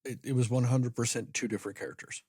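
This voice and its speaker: A man's voice: medium pitch, fairly even intonation, fast, darkish tone, husky, no room sound, studio quality. A man co-hosting a casual movie review podcast, emphatic and profane, acting out his own reactions. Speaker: podcast co-host.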